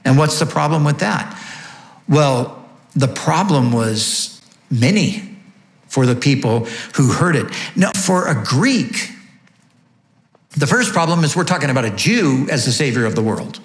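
Emphatic preaching man, lively pitch. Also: a little slow, roomy sound. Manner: emphatic, rhetorical questions, sweeping pitch rises. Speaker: pastor. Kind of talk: sermon.

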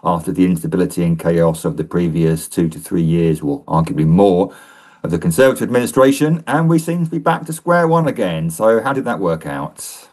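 A man with a very deep voice, a guest on a live radio interview. He speaks in a thoughtful, measured way with a light wry touch. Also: animated, a little mellow. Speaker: think tank guest commentator.

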